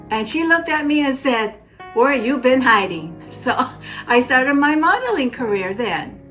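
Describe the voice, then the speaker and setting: A woman's voice: fairly high pitch, a bit bright. An older woman giving an earnest, heartfelt account of her own life in an interview. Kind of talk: personal testimony.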